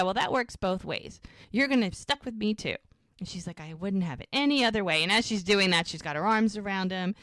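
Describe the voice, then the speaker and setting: Animated woman recapping a show. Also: medium pitch, no echo. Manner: animated retelling, acting out characters' lines. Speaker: podcast co-host. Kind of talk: casual rewatch podcast recap.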